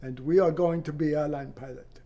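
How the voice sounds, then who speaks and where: An eager young student pilot , as a storyteller puts him on, speaks with a Middle Eastern accent and keeps pressing the same broken phrase. His voice rises higher and louder than the storyteller's own. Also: fairly even intonation, moderate pace, vocal fry. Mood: insistent.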